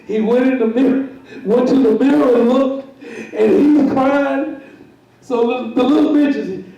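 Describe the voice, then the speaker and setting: A man's voice: very high-pitched, a little slow, creaky, mellow, muffled recording. A man telling a comic story on stage, chuckling, repeating himself and acting out the voices. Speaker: guest storyteller. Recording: very echoey room, voice far from mic.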